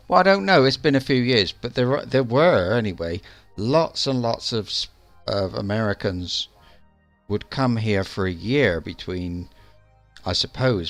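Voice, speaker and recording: A man with a deep voice talks slowly and loosely over a live game stream, wandering and restarting his sentences. The sound is dry and close, with faint music underneath. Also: no room sound. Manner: rambling, hesitant, with many restarts and fillers. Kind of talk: casual chat during a live game stream.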